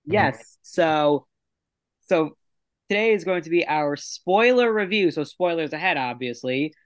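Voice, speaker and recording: A man's voice: a little high, lively intonation, measured pace, clear, resonant tone. A man co-hosting a casual podcast, ranting in an exasperated way. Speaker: podcast co-host.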